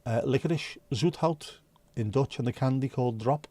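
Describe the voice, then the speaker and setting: In a warm, medium-pitched voice at a moderate pace, a male stream host rambles through casual chat and reads viewer comments, swearing liberally. The sound is dry and close, with no room sound.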